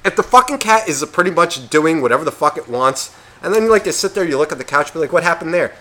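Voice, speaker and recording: A man's voice: fairly high pitch, expressive, quick pace, bright, forceful tone. A man co-hosting a podcast, ranting in a casual, profane way and acting out imagined voices. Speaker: podcast co-host.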